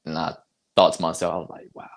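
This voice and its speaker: A man's voice: low voice, little pitch movement, quick pace, gravelly. A young man from North Carolina, a basketball player telling a story in a casual interview, acting out quotes and laughing.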